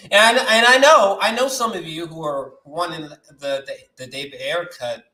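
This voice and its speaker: A man hosting a movie news vlog, ranting with lots of swearing and swinging from shouting to muttering. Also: fairly high pitch, moderate pace, roomy sound. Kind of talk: animated solo movie-news rant.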